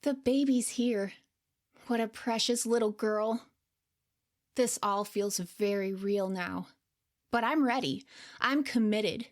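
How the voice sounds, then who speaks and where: A woman narrating her own story in the first person, quiet, unsure and earnest. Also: fairly high pitch, slow, pauses often. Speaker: podcast storyteller.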